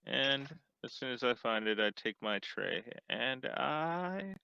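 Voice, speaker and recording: A man's voice: medium pitch, animated, takes it slowly, creaky, bright, forceful tone, smooth, muffled recording. A man playing a tabletop role-playing game, talking in a playful, wry way. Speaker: player. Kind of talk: casual tabletop play.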